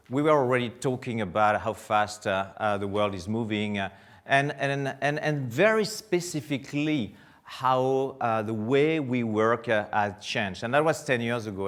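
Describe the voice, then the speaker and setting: A middle-aged man with a French accent speaks to a conference audience, often pausing on filler sounds as he goes. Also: lowish voice, fairly bright tone. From France. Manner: hesitant, many filler sounds. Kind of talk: conference keynote.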